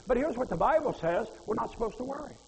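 A man's voice: very high-pitched, expressive, quick pace, gravelly. A man preaching a sermon in a folksy way, asking the congregation questions and quoting scripture. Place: church hall. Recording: reverberant hall.

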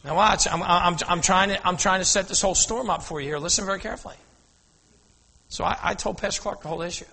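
A man preaching a storytelling sermon, animated, calling out to the congregation for an amen and telling them to watch. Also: sits high, quick pace, vocal fry, husky. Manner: animated, asks the crowd "Amen?", often says "now watch". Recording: long hall reverb.

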